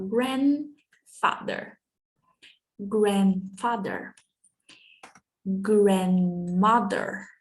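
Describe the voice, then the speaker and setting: A young Brazilian woman, a native Portuguese speaker with a Brazilian accent, teaching English family words in a slow bilingual lesson, drawing out and repeating each word. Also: mid-range voice. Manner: slow, drawn-out repetition of words for students.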